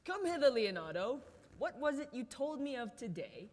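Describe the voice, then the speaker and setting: A performer playing a noble prince who declaims his lines in a stage play, sometimes rising to a shout. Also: mid-range voice, very animated, moderate pace. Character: noble prince scheming with friends. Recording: reverberant hall, faint noise.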